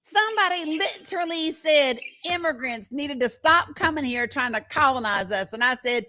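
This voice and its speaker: A high-voiced woman with a Southern American accent hosts a live show, speaking bluntly and cursing freely. She laughs often and talks straight to her viewers as y'all. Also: animated, normal speed, hardly any pauses, bright, forceful tone. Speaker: talk show host. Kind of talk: live-stream commentary.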